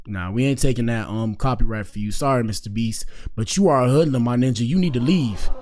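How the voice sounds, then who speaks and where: A man's voice: mid-range voice, brisk, darkish tone, faint music behind. A man hosting a live stream, chatting in a rambling, slangy way with many fillers. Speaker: streamer host. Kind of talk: casual live-stream commentary.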